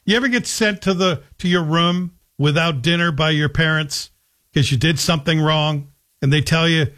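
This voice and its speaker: A man runs a radio talk show, his voice sitting a little high. He talks in a wry, mocking monologue, spinning jokes and anecdotes into his points. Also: normal speed, a bit bright. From Scotland. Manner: sardonic, joking, slips into a Scottish voice for anecdotes.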